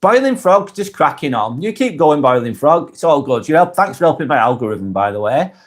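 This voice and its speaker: A man from Northwest England with a Lancashire accent hosts a casual live stream, reading viewers' comments aloud and answering each person by name in a plain, direct manner. His voice is fairly high, very animated, and fairly quick.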